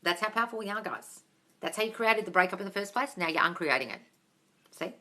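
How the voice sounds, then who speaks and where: An Australian manifestation coach hosts a live Q&A, reading viewers' comments aloud, calling them darling, and swearing casually. Her medium-pitched voice is quick, lively in intonation, pushed and bright.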